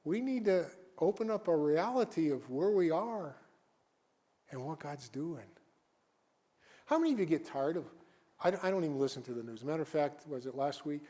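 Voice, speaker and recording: A man preaching a sermon as a guest pastor, reading scripture and then talking plainly to the congregation, rising at times to shouted cries. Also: a little high, lively intonation. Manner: reads scripture slowly, then talks conversationally and rises to shouted cries. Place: church sanctuary.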